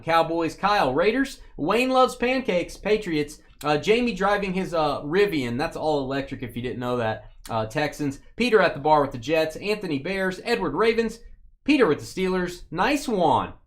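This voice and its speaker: A man hosting a live card break, joking casually and reading off lists of names and teams. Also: on the high side. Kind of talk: casual live-stream chat while opening cards.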